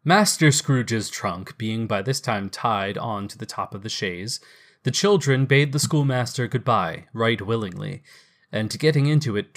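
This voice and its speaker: A man narrating a classic storybook in a lively, expressive reading. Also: on the low side.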